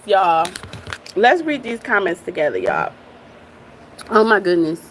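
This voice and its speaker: A woman's voice: on the high side, slight background noise. A woman hosting a reaction video, talking straight to viewers in casual slangy chat. She laughs often and curses freely. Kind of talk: casual commentary on a viral clip.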